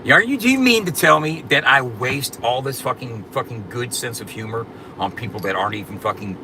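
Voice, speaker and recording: A livestream host with a mid-range, expressive voice talks briskly to his chat, joking and bragging in a loose, profane drawl. He keeps saying "you know what I'm saying," and background noise can be heard.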